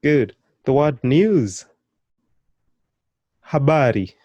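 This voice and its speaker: A man leads a beginner lesson with a mellow, dark voice, recorded close and dry. He repeats each word slowly for learners to copy and cheers them on, his pitch and volume leaping up now and then. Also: no echo. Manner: animated, with sudden jumps in pitch and volume. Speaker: language teacher.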